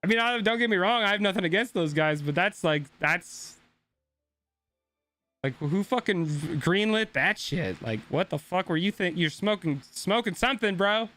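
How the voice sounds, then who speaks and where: A man's voice: high-pitched, animated, normal speed, sharp tone, soft background music. A young man streaming a game, ranting casually and swearing a lot as he talks to his chat. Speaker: gaming streamer.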